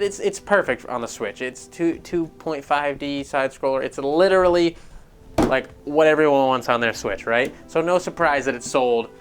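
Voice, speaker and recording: Profane, excitable man ranting about games. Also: a little high. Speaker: gaming news host. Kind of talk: casual ranting commentary.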